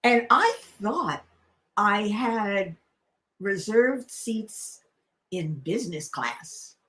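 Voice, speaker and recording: Chatty rambling woman, lively pitch. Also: drawn-out words. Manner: chatty and rambling, many fillers and restarts, laughs often. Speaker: crafting channel host. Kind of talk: casual live-stream chat.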